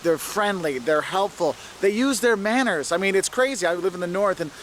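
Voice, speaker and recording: An enthusiastic man with a fairly high voice presents a travel video. He talks straight to the camera outdoors on a city street, with faint traffic noise behind him. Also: expressive, moderate pace.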